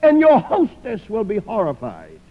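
A male preacher giving a sermon, swinging from loud declarations to hushed pleas. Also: sits high, wildly swooping pitch, normal speed. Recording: phone-like old recording with long hall reverb.

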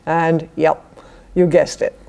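Older British woman, professor lecturing; gravelly, mellow voice, wry deadpan asides. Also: low voice, slow pace. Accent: British English. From Britain. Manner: wry, dry humour with chuckled asides. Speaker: philosophy professor giving a lecture. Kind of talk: academic lecture. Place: university lecture to a student society.

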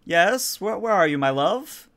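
A courtly gentleman rogue with a raised, lively voice and gallant manners, as a man puts him on. He speaks with polished charm in a tabletop game. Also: high-pitched, a little slow, voice pushed up, heavily acted.

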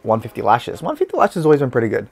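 A man's voice: medium pitch, huge pitch swings, very fast, vocal fry, breathy edge. An Australian man hosting a casual beer-tasting vlog, chatty and blunt, with slang and swearing.

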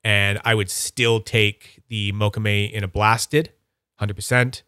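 A man hosting a casual livestream, rambling enthusiastically about his collection and slipping into high silly voices when he quotes people. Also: flat delivery, slow, bright, forceful tone, clear, resonant tone, dry recording, clean studio sound. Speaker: livestream host.

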